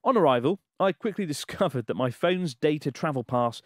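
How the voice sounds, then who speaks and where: A man's voice: fairly high pitch, expressive, brisk, no room sound, clean studio sound. A man co-hosting a podcast, reading a listener's letter aloud in a casual way, laughing and swearing in disbelief as he goes. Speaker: podcast co-host.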